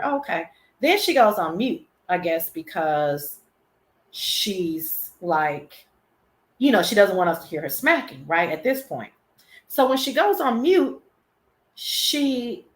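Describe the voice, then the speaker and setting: A woman hosting her own show, telling gossip in a casual, animated, profane and sassy way. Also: mid-range voice, slow pace, reverberant. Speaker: show host.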